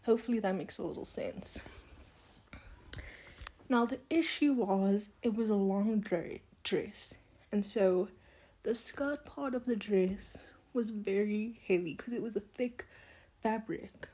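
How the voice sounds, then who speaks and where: A woman's voice: medium pitch, takes it slowly, mellow. A woman in her twenties hosting her own podcast, rambling and chatty, laughing often and slipping into whispered asides, recorded on a phone at home. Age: 20s. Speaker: podcast host. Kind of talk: casual chat. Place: indoors, room at home with windows. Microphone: phone held in hand.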